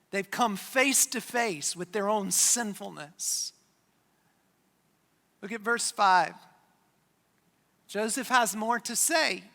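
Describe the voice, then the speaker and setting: A pastor preaches slowly and deliberately, leaving dramatic pauses as the scripture story unfolds. The voice is bright and forceful. The sound trails off in the long reverb of a church sanctuary. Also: medium pitch. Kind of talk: sermon.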